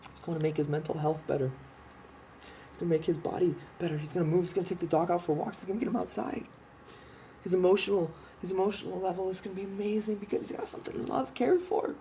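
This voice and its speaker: A man's voice: high-pitched, fairly even intonation, quick pace, gravelly, dark tone, slight background noise. A man in a rambling, profane, impassioned monologue who keeps restarting his sentences and explains while pointing at a drawing. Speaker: vlogger explaining his ideas.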